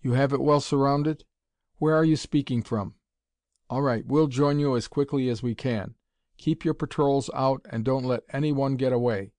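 A man's voice: mid-range voice, steady tone, normal speed, a little mellow, no echo, close to an everyday voice. A man reading an audiobook, voicing an eager, commanding male scientist-detective in a raised, urgent voice. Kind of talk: audiobook character voice.

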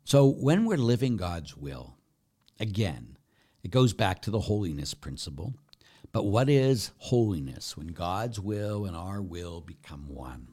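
Middle-aged priest preaching; animated, acts out quotes, somewhat low voice. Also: male voice, measured pace. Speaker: Catholic priest. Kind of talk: sermon.

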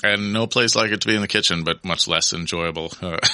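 A man's voice: sits low, fairly quick, bright, forceful tone. A man, a chef, chatting as a podcast guest and telling stories with frequent laughs. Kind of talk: casual podcast conversation.

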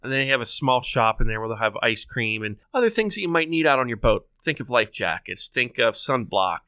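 A man's voice: mid-range voice, very animated, a little fast, sharp tone, smooth, no room sound. A man who is a guest on a podcast, explaining things in a plain, informative way. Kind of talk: casual podcast conversation.

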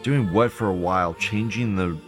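A man hosting a live stream, reading viewer posts aloud and reacting with profane, scornful rants that swing between loud outbursts and low mutters. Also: normal speed, soft background music. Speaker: livestream show host.

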